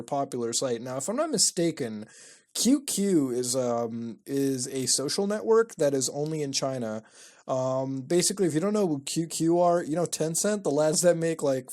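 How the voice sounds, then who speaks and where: Excitable, profane male web-browsing host. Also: on the high side. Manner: profane, excitable, mock-outraged, laughing. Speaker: online video host. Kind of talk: casual commentary while browsing websites.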